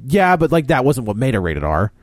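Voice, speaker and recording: A man in casual movie chat, chiming in with animated jokes. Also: mid-range voice, fairly quick, dry recording. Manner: animated, joking interjections.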